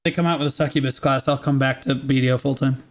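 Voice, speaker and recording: A man streaming reaction commentary in a casual, profane, excitable and jokey way. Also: medium pitch, quick pace.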